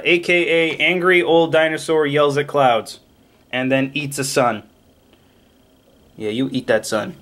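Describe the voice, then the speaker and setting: A man casually opening trading card packs on camera, excitably rattling off card names and cracking jokes. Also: mid-range voice, a little hiss or hum. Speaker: card pack opening vlogger. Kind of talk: casual card unboxing commentary.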